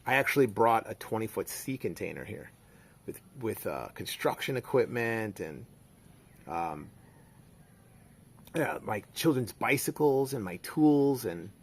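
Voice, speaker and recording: Middle-aged guy rambling thru a story, gravelly voice, lots of uhs and ums. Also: fairly low pitch. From United States. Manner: rambling, with many fillers and restarts. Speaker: vlogger. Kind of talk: casual storytelling monologue.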